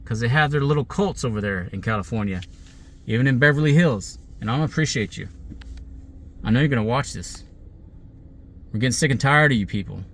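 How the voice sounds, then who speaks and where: A man records himself from the seat of his car, talking into the camera. He rambles and circles back, sounding aggrieved and threatening. His voice sits at a middling pitch for a man. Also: animated, fairly quick, long pauses, fairly bright tone, a little hiss or hum. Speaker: vlogger. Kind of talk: angry monologue to camera. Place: sitting in a car.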